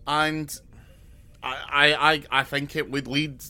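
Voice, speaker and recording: A young man co-hosting a podcast, spinning rambling deadpan jokes in casual chat with frequent restarts. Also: a little high, slow, clear, resonant tone. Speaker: podcast co-host.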